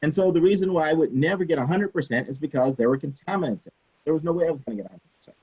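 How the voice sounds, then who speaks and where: A man teaches a chemistry class by telling a story from his student days, full of life and quick to act out every person in it. His voice sits a little high and sounds husky. The sound is muffled and lo-fi, like an online class. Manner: animated, acts out quoted people, swears casually. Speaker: chemistry instructor. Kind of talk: casual lecture storytelling.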